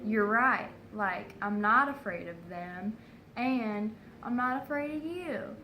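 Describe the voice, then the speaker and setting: A woman's voice: fairly high pitch, slow, pushed and bright, roomy sound, a little hiss or hum, poor audio. A woman voicing a solemn warrior man in her own casual speaking voice. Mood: defiant. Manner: casual, says "like", barely changes her voice.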